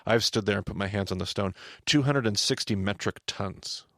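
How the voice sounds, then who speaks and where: A man hosting a podcast, teaching on the Bible in an animated conversational way, often restarting and asking his co-host questions. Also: lowish voice, normal speed, no echo, clean studio sound.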